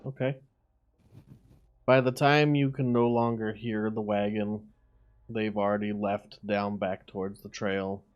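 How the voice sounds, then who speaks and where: Low-voiced man narrating a tabletop game. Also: little pitch movement, a little slow, clear, resonant tone, dull audio. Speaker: dungeon master.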